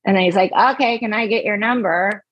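A woman guest telling a long, animated story and acting out the people she quotes. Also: mid-range voice, normal speed, husky, dry recording, muffled recording. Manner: animated, acts out quoted voices. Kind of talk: casual storytelling.

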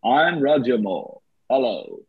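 Slow smarmy old spy a guy puts on, husky, bit lo-fi. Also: medium pitch, wildly swooping pitch, dry recording, full character voice. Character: suave old English movie spy, male, smarmy. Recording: slightly lo-fi dry recording.

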